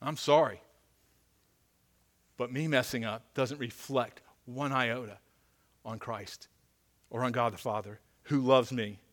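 A man preaching a sermon as pastor, earnest and pleading, dropping to a hushed voice for emphasis. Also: mid-range voice, fairly even intonation, slow pace, long pauses.

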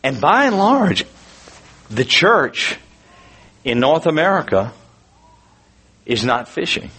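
Male preacher, husky voice, lively swooping pitch, earnest storytelling sermon. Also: takes it slowly. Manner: earnest, animated storytelling with frequent restarts. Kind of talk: sermon with personal testimony.

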